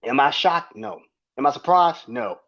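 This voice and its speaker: A man's voice: on the high side, animated, measured pace, a bit bright. A man hosting his own podcast, ranting in a heated, profane and emphatic way. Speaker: podcast host. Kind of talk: solo podcast rant. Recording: dull lo-fi sound.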